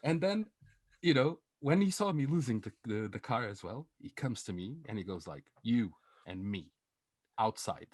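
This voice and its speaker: A man co-hosting a podcast, telling a story in a casual, animated way, swearing and laughing as he goes. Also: medium pitch, normal speed, husky, no echo, studio quality. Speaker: podcast co-host.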